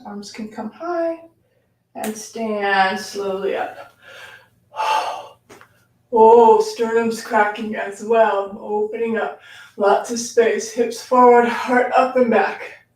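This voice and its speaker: A woman guides a yoga class in a slightly high voice at an unhurried pace, a little out of breath as she demonstrates. She sighs between cues. The sound is roomy and distant, picked up by a camera mic some way off. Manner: slow, calm cueing with audible sighs. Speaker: yoga instructor. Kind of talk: live-streamed yoga class instruction. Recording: echoey room, voice from far off.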